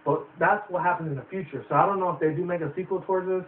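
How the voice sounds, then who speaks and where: A man's voice: sits high, very fast, recorded from a distance, a little hiss or hum. A young man reviewing a movie in a rambling casual way, swearing often and using lots of fillers. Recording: tinny phone-like roomy sound from afar.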